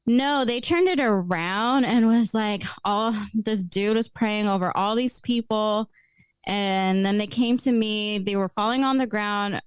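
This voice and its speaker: A young adult woman telling stories as a podcast guest in casual chat, lively and laughing often. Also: mid-range voice, unhurried, clear, resonant tone, dry recording.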